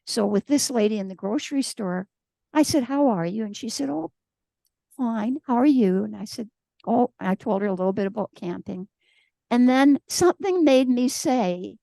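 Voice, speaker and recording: A woman's voice: on the high side, expressive, moderate pace, vocal fry, dark tone, no room sound. A woman giving a conversational sermon at a church service, telling stories and acting out the voices of the people she quotes. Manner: storytelling, acts out quoted voices. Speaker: guest speaker.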